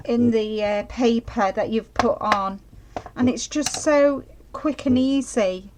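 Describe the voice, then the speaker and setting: Woman, middle-aged, live craft demo, chatty, apologetic, slow-paced. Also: on the high side, background noise. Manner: chatty, apologetic, keeps checking viewers can see. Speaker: craft demonstrator.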